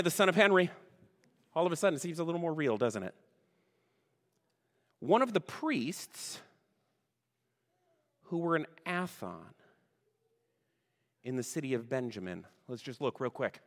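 A man's voice: on the high side, fairly bright tone. A man preaching a sermon as pastor, chatty and full of questions to the congregation, greeting online viewers by name. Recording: long reverb of a large room.

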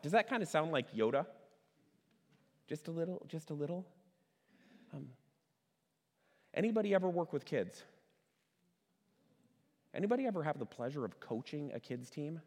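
Conversational pastor preaching in a reverberant hall. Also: male voice, a little high, big pitch swings. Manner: conversational, asks the audience questions, stresses words by slowing down. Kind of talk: sermon.

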